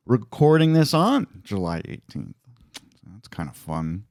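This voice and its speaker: A man's voice: lowish voice, sing-song, unhurried, darkish tone, no echo. A man co-hosting a casual comedy podcast in a studio, chatty and laughing as he reads news items. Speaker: podcast co-host.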